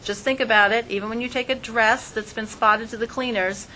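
A woman leading an informal religious class in a bright, forceful voice. She teaches with lively flair and slips into little acted voices for examples, over a faint hum behind her. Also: on the high side, brisk, poor audio. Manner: lively, acts out voices in quotes.

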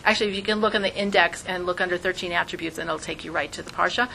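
A woman teaching an informal class who talks in a lively way and acts out voices when she quotes people. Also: on the low side, racing, vocal fry, a little hiss or hum, rough recording.

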